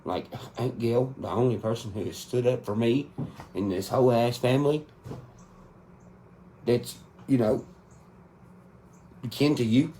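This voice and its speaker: A man's voice: medium pitch, a little slow, pauses often, warm tone, a little hiss or hum. A man in his thirties delivering an angry, profane spoken rant inside a song. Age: 30s. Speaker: country rap artist.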